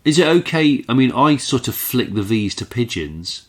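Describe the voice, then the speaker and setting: A man's voice: medium pitch, big pitch swings, normal speed. A tired man co-hosting a podcast, playful and teasing in casual chat. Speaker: podcast co-host.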